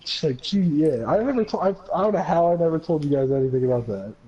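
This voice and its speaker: A man's voice: a little high, expressive, quick pace, dark tone. A young man streaming a game with friends, ribbing them with profane mock anger. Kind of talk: casual gaming stream banter. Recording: dull lo-fi audio with crowd noise.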